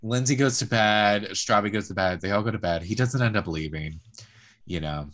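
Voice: low-pitched, moderate pace. A podcast co-host recapping a reality show in casual chat, telling the story with lots of filler words. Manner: animated storyteller, acts out quotes, many "like" fillers.

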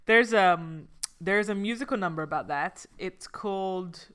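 Teasing woman co-host, mid-pitched. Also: a bit bright. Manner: teasing, quick, laughs often. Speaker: podcast co-host. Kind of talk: casual chat.

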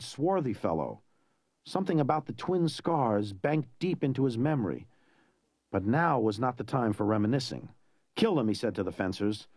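A man narrating a story in an expressive, dramatic way. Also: medium pitch, no echo. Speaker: audiobook narrator.

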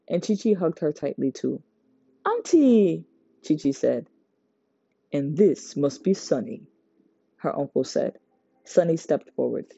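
A woman reading a novel aloud, giving the characters lively voices and going high for the girls. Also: vocal fry, husky, no room sound, lo-fi sound. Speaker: audiobook reader.

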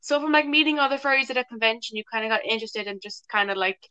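Bright-voiced Irish woman hosting a podcast. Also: fairly high pitch, very fast, smooth, dry recording. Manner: chatty, swears, laughs easily. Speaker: podcast host. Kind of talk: casual interview chat. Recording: muffled lo-fi home audio.

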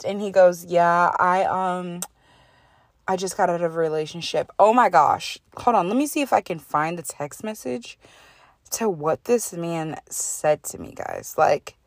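A woman's voice: fairly low pitch, no echo, clean studio sound. A young woman hosting a podcast, chatting casually and animatedly, reading out text messages and swearing freely. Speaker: podcast host. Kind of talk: casual storytelling chat.

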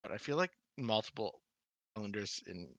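A man co-hosting a podcast, answering quiz questions in casual chat, blunt and quick to swear and laugh. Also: lowish voice, animated, a bit bright, no echo. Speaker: podcast co-host.

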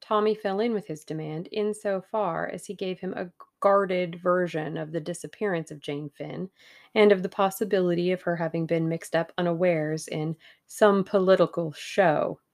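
A woman narrating a novel in a measured audiobook reading. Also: fairly low pitch, steady tone, creaky, darkish tone.

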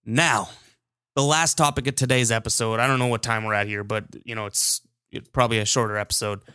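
A man's voice: fairly low pitch, fairly quick, clear, resonant tone, no room sound, studio quality. A man hosting a sports podcast, talking casually and with strong opinions, often restarting his sentences. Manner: animated, opinionated, with frequent restarts. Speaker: podcast host.

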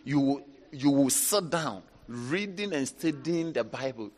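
A man, a bishop preaching a sermon, who swings from low, quiet asides up to laughing shouts. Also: takes it slowly. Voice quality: animated, rising to shouts and laughter. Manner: preaching with call-outs and acted quotes. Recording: long reverb in a large hall.

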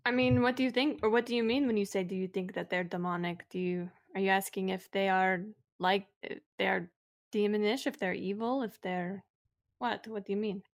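A woman playing a tabletop game casually, asking quick, probing questions. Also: medium pitch, fairly even intonation. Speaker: player.

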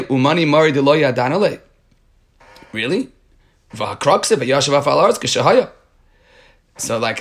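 A man's voice: a little high, fairly bright tone. Man working through a Talmud page. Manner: reads Aramaic aloud, then explains in English with frequent restarts. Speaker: Talmud teacher. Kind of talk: reading and explaining a Talmud page.

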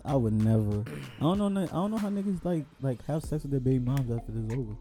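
A man co-hosts a relaxed podcast conversation, spinning dating stories in street slang. He slips into the voices of the people he quotes, and his pitch sits at an everyday middle. Faint music plays underneath. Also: fast talker. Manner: laid-back slang storytelling, acts out quoted dialogue. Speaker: podcast co-host. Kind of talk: casual chat.

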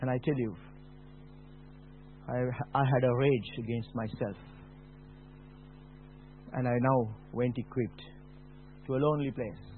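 A man preaching a personal testimony, dropping to a hush and then rising to a shout. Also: mid-range voice, steady tone, a little hiss or hum. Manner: slow, dramatic, swings from hushed to shouting. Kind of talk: testimony sermon. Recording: tinny phone-like sound.

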